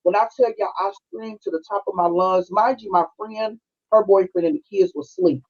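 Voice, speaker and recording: Husky-voiced middle-aged woman telling a story. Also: mid-range voice, fairly even intonation, a little fast, darkish tone, muffled recording. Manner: conversational, heartfelt, full of "you know" and "like". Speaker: podcast co-host. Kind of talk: personal storytelling on a live stream.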